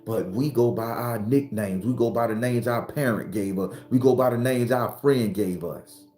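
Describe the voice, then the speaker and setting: A man's voice: medium pitch, normal speed, darkish tone, reverberant, faint music behind. A man with a Southern accent giving an earthy, emphatic spiritual talk to his followers, repeating his points. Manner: earthy, preachy, repetitive and emphatic. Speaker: spiritual teacher.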